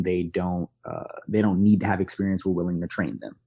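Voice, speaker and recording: Low-voiced New man telling stories. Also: fairly quick, creaky, few pauses, husky. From Brooklyn, New York. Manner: animated, candid, self-deprecating. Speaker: podcast guest. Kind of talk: conversational storytelling.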